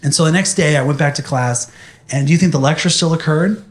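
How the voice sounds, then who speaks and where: Animated young man telling a story. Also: on the high side, fast talker. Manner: animated, addressing an audience. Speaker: speaker. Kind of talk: motivational storytelling talk.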